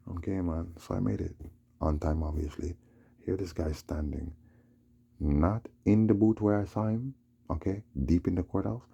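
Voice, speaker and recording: A man telling a long, rambling story, agitated and repeating himself, with a gravelly voice. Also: a bass voice, mellow, muffled recording. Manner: rambling, agitated, repeats "you know what I'm saying". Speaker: vlogger. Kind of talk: casual storytelling monologue.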